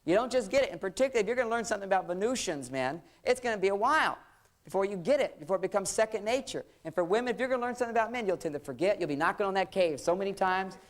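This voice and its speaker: A man's voice: sits high, lively intonation, very fast. A man, a psychologist, giving a humorous seminar talk on relationships in short, punchy phrases. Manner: playful, acts out bits of dialogue in short phrases.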